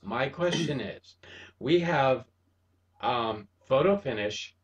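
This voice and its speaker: Male host, from Wisconsin, unhurried delivery, excitable and gushing, laughs easily. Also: mid-range voice, highs cut off. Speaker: show host reviewing a cartoon episode. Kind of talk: casual review chat.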